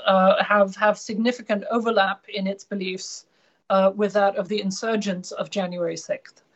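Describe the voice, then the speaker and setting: German-born female analyst, interview guest; measured, filler-heavy delivery; mid pitch; lo-fi muffled remote audio. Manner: measured, hesitant with many fillers. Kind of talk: radio interview.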